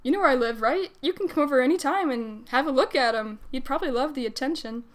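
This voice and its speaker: A woman's voice: high-pitched, fast, natural voice. A woman voicing an awkward, flustered young man who stammers, while reading fanfiction aloud on a livestream. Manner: stammering, hesitant.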